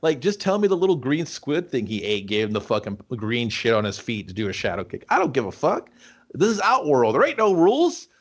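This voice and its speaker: A man's voice: mid-range voice, huge pitch swings, a little fast, dull audio. A man co-hosting a casual movie review podcast, swearing freely and acting out scenes in rambling chat. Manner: profane, rambling, acts out quotes. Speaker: podcast co-host.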